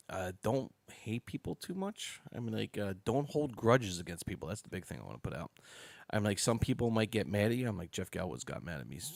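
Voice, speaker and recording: A lower-pitched man talking as a podcast guest, rambling through his stories with excitable energy and casual swearing. The sound is close and dry, with no room around it. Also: creaky, dry recording. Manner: excitable, rambling storyteller who swears freely. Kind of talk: casual chat.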